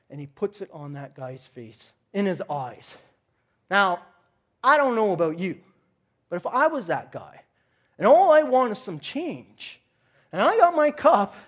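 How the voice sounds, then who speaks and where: A male pastor preaching a sermon in an animated, conversational storytelling way, with touches of humor. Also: high-pitched.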